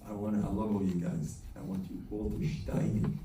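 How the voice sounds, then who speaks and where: A man's voice: on the low side, steady tone, normal speed, warm tone, slight background noise. An older man, a rabbi giving a joking, self-deprecating holiday talk to a gathering. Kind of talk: humorous Chanukah talk. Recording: roomy hall from a distance with faint ambience.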